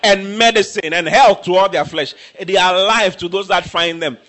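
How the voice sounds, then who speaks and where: A man preaching a sermon, emphatic and repetitive, breaking into shouts. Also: high voice, normal speed.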